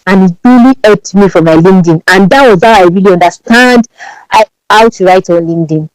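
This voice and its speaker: A woman from Ibadan with a Nigerian Yoruba accent, speaking as a guest on a podcast in an emphatic, animated way and often repeating words. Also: medium pitch, a little fast, smooth, no echo, rough recording. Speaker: podcast guest, branding strategist. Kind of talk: podcast interview.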